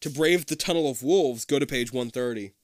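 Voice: medium pitch, brisk, no room sound, clean studio sound. A podcast co-host reading a choose-your-own-adventure book aloud in a casual, comedic way, swearing freely and laughing often. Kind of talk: casual comedic read-aloud with crude asides.

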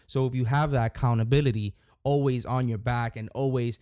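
A man's voice: mid-range voice, fairly even intonation, brisk, hardly any pauses, mellow, no echo. A man hosting a podcast, talking casually and rambling, with lots of fillers and restarts. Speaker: podcast host.

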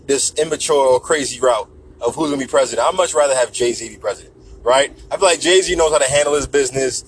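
A man's voice: mid-range voice, a bit bright, slight background noise, rough recording. Man ranting casually, joking and profane. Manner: profane, joking, slips into mock voices. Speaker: vlogger. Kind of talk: casual rant to camera.

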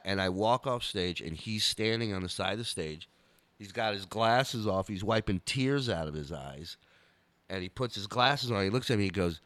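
A man's voice: fairly low pitch, normal speed, no room sound. A male comedian telling a story on a podcast, swearing and acting out scenes. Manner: animated, swearing, acts out scenes. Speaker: comedian guest.

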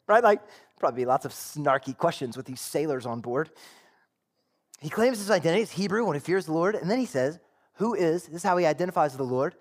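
A man's voice: a little high, very animated, a little fast. A man preaching a sermon in a conversational way, acting out quotes and asking the congregation rhetorical questions. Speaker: pastor.

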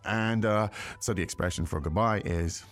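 A man co-hosting a podcast language lesson, explaining words in a chatty, animated way. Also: fairly low pitch, normal speed, soft background music. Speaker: language teacher co-host.

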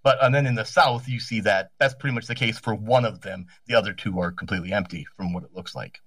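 A man's voice: lowish voice, fast talker, fairly bright tone, slightly rough. A man runs a tabletop game, describing the scene in a rambling way and correcting himself as he goes. He is recorded from some distance from the mic, with a dry, close sound and no room echo. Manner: rambling, self-correcting, laughs often. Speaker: game master.

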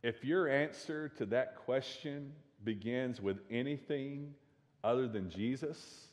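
Taking it slowly at medium pitch, the pastor speaks with a Southern drawl while a long reverb tail trails his words. He's earnest, stumbles into restarts that repeat words, and swells in force at the high points.

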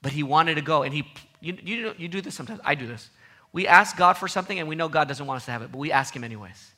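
A man preaching with passion, his voice bright and forceful and set a little high. He drives his points home with repeated phrases, swinging from loud, pressing peaks to quiet, low asides. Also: lively intonation, fast. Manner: impassioned, emphatic repetition, voice swinging loud to soft. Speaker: pastor. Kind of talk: sermon.

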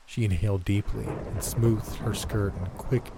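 A man reading a horror story aloud in a slow, tense, dramatic way. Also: on the low side, steady tone, gravelly, background noise. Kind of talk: scripted narration.

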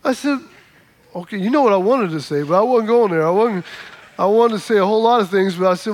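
A man delivers a sermon in a strikingly high voice. He tells a story and plays out both sides of a conversation, then leads the congregation in repeating key words. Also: fast. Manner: animated storyteller, acts out dialogue, calls for congregation responses. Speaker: pastor.

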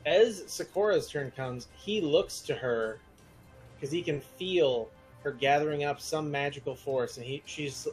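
A man narrating a tabletop game as game master, in loose, halting speech full of fillers. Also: on the high side, soft background music.

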